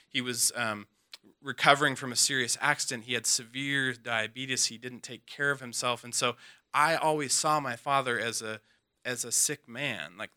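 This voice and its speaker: Man with a bright voice telling a personal story. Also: mid-range voice. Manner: earnest, halting, with frequent restarts; drops soft and quiet at emotional moments.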